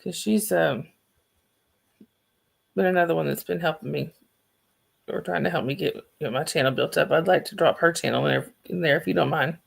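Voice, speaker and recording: A woman with a Southern accent rambles and chats casually with her livestream viewers, restarting sentences along the way. Her low-pitched voice is creaky and husky, moving at normal speed with frequent pauses.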